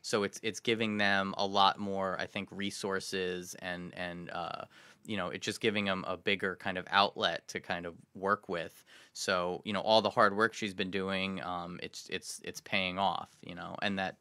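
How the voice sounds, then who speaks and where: Bright, rambling male podcast co-host. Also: deep voice, level tone, measured pace, smooth, dry recording. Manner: rambling, many restarts, trails off quietly. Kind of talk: casual chat.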